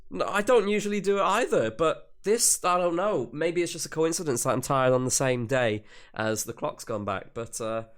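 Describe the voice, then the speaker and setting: A man's voice: fairly high pitch, lively intonation, normal speed, fairly bright tone. A tired young man co-hosting a podcast, chatting in a laid-back way and explaining things at length. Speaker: podcast co-host. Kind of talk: casual chat.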